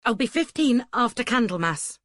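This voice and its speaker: A woman voicing a young woman disguised as a boy, answering in hesitant, halting bursts. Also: on the high side, sing-song, fairly bright tone, no room sound, studio quality, pitched above the performer's own voice. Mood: guarded.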